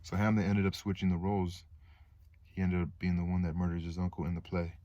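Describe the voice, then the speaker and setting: Deep-voiced man reading a play aloud. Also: completely flat delivery, fast talker, warm tone, no echo, highs cut off. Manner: casual, swears, hesitant asides. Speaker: reader.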